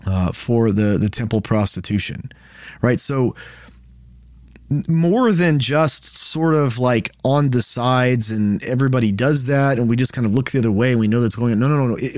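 A man's voice: medium pitch, moderate pace, a little mellow, no room sound, studio quality. A man giving a casual Bible study, talking conversationally and often checking in with "right?". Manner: conversational, frequent "right?" and restarts.

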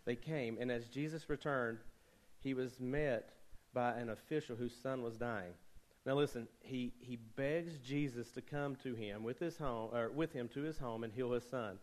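A man's voice: medium pitch, normal speed, low-quality recording. Conversational young male preacher. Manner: conversational preaching, rising emphasis, joking asides. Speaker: pastor. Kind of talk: sermon.

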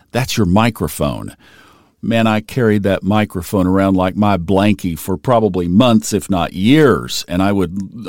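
Earnest middle-aged man, low voice. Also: dry recording, studio quality. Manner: earnest, conversational, emotional at times. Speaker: storyteller recalling his career. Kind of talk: reflective personal storytelling.

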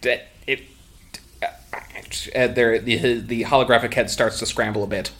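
A man's voice: mid-range voice, steady tone, normal speed, fairly bright tone. A man narrating as game master in a tabletop role-playing session, playful and full of fillers.

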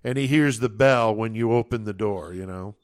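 A man's voice: fairly low pitch, normal speed, smooth. A man co-hosting a podcast, telling a long story in casual chat, swearing often and acting out the voices of the people in it. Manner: profane, animated storyteller acting out quoted voices. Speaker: podcast co-host.

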